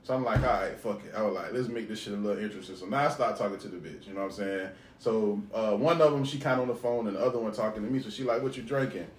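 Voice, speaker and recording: A man's voice: fairly low pitch, very fast, hardly any pauses. A man telling a long story in casual podcast chat, laughing and acting out the dialogue. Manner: animated, laughing, acts out dialogue. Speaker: podcast co-host. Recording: roomy, distant mic, faint ambience.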